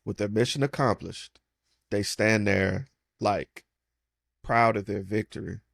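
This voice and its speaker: A man with a low, gravelly voice recaps a movie in a loose, animated way, slipping into the characters' lines as he goes. The recording is dry and close. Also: measured pace, no echo. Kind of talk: casual film breakdown.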